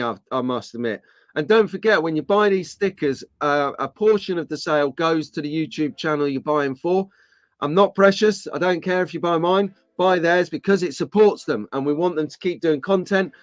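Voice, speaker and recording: A man's voice: fairly high pitch, no room sound. A man hosting a live stream, chatting casually and jokily with viewers in the chat. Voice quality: chatty, jokey, rambling. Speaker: host of a live slot car stream.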